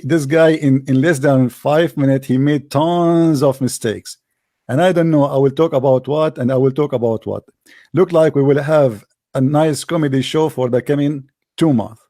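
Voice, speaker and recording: A male commentator reacts to a debate clip with mocking scorn, insulting his opponent, laughing at him, and using non-native grammar. His mid-range voice is warm and moderately paced, recorded dry and close.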